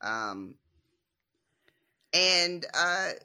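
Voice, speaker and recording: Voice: medium pitch, big pitch swings, very slow, pushed and bright. A co-host chatting casually about a novel, laughing often, swearing freely and retelling scenes with quoted lines. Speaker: book podcast co-host. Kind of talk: casual book discussion.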